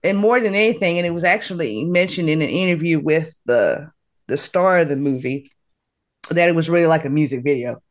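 A woman hosts a relaxed podcast conversation, her voice rising and falling as she summarizes a film. She talks playfully and laughs easily, in a casual chat style. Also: deep voice, a little fast. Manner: animated, laughing, playful storytelling. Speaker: podcast host.

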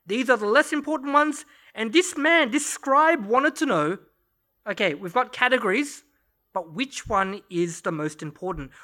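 Bright-voiced male pastor preaching. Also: very high-pitched. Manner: conversational, storytelling with light laughs. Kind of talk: sermon. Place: church service.

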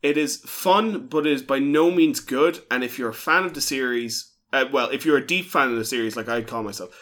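A man's voice: medium pitch, fairly quick, a bit bright. A man co-hosting a podcast in casual chat, explaining things at length and swearing for emphasis. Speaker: podcast co-host.

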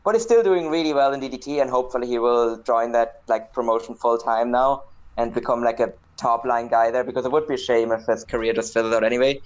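Guy on a podcast call, steady, explains himself, mid pitch. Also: fast, highs cut off. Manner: steady, explaining his reasoning. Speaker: podcast panelist. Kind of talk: casual podcast chat.

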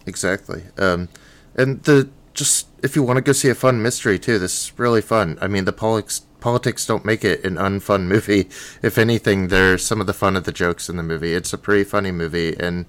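A man co-hosting a podcast in a casual film discussion, relaxed and hesitant with ums. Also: low voice, brisk. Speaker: podcast co-host.

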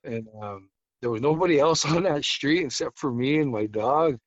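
A man from the Blackfeet reservation telling a ghost story as a podcast guest, halting, with many fillers and restarts. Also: mid-range voice, no room sound, dull audio. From Blackfeet reservation, Montana, US.

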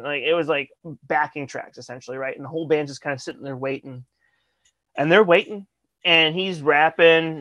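A man's voice: a little high, a bit bright, no echo, lo-fi sound. A man, a guest musician, telling a rambling funny story in casual talk, swearing and laughing often.

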